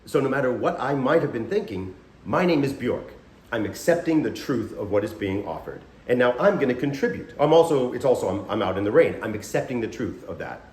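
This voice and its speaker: A man's voice: medium pitch, a little fast. A man, a scare actor, casually explaining acting techniques and briefly acting out lines in a raised voice. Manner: animated, acts out short scene lines in a raised voice. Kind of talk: casual instructional talk to camera. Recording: roomy echo.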